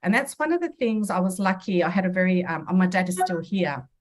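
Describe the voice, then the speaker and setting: A woman in her fifties, a medium and mentor appearing as a podcast guest, shares personal stories in a lowish, sing-song voice at a slightly fast pace. She's earnest and reflective, acting out quoted dialogue as she goes.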